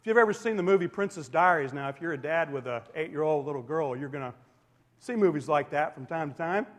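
A man in his forties preaching a sermon as a pastor, animated, swinging between loud emphasis and soft asides. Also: a little high, fast talker. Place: church sanctuary. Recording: reverberant hall sound.

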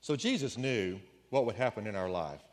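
A man's voice: lowish voice, lively intonation, moderate pace, long reverb tail. A man preaching a conversational sermon, with folksy storytelling asides. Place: church sanctuary.

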